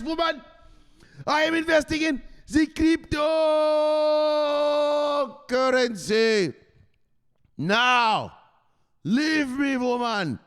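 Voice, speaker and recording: A man voicing a hardcore crypto-investor son who loudly lectures his mother. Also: very high-pitched, pitched above the performer's own voice, heavily acted. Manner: loud, bossy, lecturing.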